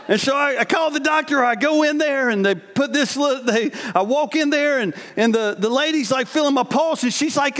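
A man in his forties telling a personal story in a sermon, animated, laughing often and cutting himself off mid-sentence. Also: very high-pitched, moderate pace. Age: 40s. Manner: animated, laughing, self-interrupting. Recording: long hall reverb.

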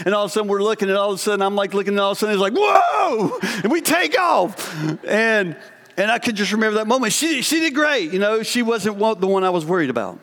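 Pastor, man, 40s, very high voice, chatty storyteller in the pulpit, long church reverb. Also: fast. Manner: lively, conversational storytelling with asides to the congregation. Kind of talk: sermon. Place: church sanctuary.

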